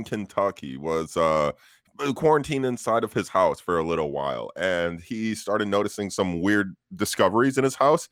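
Low voiced guy cohosting a podcast, laid back, dry close sound. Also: animated, moderate pace, dry recording. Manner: laid-back, profane banter. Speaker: podcast co-host. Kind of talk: casual chat.

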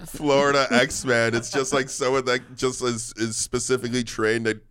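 A man's voice: medium pitch, level tone, normal speed, a bit bright. A man co-hosting a podcast, trading crude jokes in casual banter and laughing often. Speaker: podcast co-host.

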